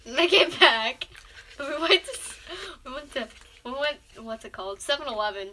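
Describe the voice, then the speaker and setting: Woman, high voice, bright and sharp tone, giggly, rambling vlog storyteller. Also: animated, moderate pace, slight background noise. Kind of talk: casual storytelling.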